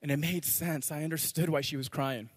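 Male pastor, high-pitched, animated preaching in a big reverberant church. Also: brisk, husky. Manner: animated, repeats words, swings loud to soft. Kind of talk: sermon. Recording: long hall reverb.

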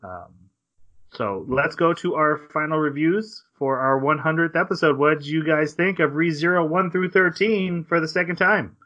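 A man hosts a casual podcast and recaps anime scenes with lively energy, jumping into quick acted-out quotes. His voice is bright and forceful. The recording sounds a little dull and lo-fi. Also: fairly high pitch. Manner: animated retelling with quick acted-out quotes of characters. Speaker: podcast host. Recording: slightly dull lo-fi podcast audio.

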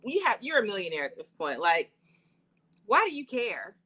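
Bright, animated woman co-host. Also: mid-range voice, normal speed, breathy edge. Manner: animated, sassy storytelling. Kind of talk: casual pop-culture chat. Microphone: wireless earbuds.

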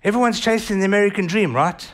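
A man with a South African accent preaching a sermon as pastor, animated and vivid in delivery. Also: high-pitched, fast talker. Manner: animated, acts out voices of others.

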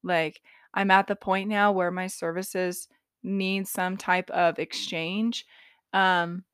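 A woman's voice: lowish voice, little pitch movement, slow, a bit bright, clean tone, no room sound, studio quality. A young adult woman hosting a solo podcast, talking casually with lots of "like" fillers and the odd swear. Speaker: podcast host and intuitive reader.

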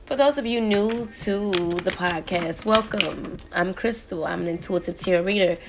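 Hoarse woman, gravelly, lowish voice, chatty tarot podcast host, faint music behind. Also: normal speed. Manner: chatty, addresses listeners with "okay?" and "y'all". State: hoarse, lost voice. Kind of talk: casual tarot forecast podcast.

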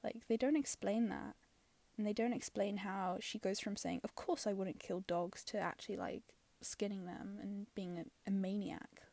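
Chatty woman with a gravelly edge. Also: medium pitch, fairly even intonation, normal speed, darkish tone, dry recording. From London. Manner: chatty and opinionated, many fillers, drops into whispery asides. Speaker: film reviewer. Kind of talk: casual spoken film review.

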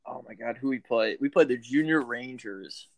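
A man's voice: mid-range voice, normal speed, dry recording. A man co-hosting a podcast, telling rambling, profane stories in casual chat.

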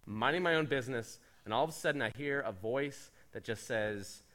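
A man pastor preaching a sermon in an animated, conversational way with playful asides. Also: medium pitch, fairly quick.

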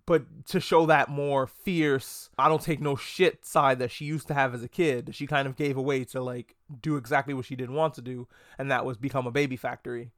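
A man hosting a casual video review of a TV episode, talking excitably, rambling and swearing a lot. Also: medium pitch, moderate pace, few pauses, no echo, clean studio sound. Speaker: TV show reviewer.

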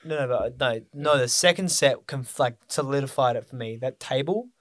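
A man's voice: medium pitch, normal speed, fairly bright tone. A man in casual film chat, rambling and often losing his thread. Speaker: podcast co-host. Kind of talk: casual chat about films.

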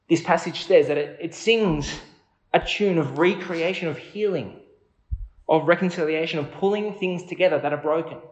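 A man's voice: on the high side, roomy sound, rough recording. A man preaching a sermon in an earnest, conversational way, asking his listeners questions.

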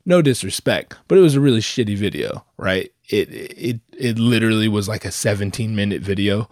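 Lively and fairly fast, a young male solo host lets his casual monologue wander, swearing and joking at his own expense despite being sick and a bit nasal. His voice runs low and a little mellow, recorded dry at studio quality with a headset and microphone.

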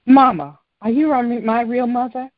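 A woman's voice: a little high, unhurried, no room sound, voice pushed up. A woman reading a storybook voices an earnest, insistent young adult daughter pressing her mother for answers. The recording is dry and slightly dull. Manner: pleading, then demanding.

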